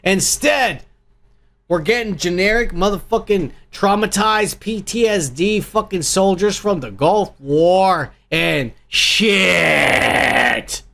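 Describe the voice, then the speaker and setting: A man with a gravelly, crackling voice tears into a film trailer, crude and heated, swearing at every turn. His voice sits high for a man. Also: animated, slow, bright, forceful tone. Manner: angry, crude, swears constantly. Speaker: podcast host. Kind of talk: profane ranting movie review.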